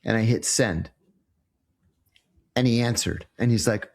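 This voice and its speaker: With a fairly low, slightly slow voice marked by vocal fry, a man in his sixties recounts his time as an intelligence officer in an interview. He's an animated storyteller, relaxed in tone, performing the quoted exchanges.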